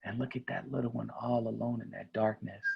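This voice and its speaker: A man giving a conference keynote speech, energetic and asking the audience questions. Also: lowish voice, fairly quick, vocal fry, slightly rough, lo-fi sound. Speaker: keynote speaker.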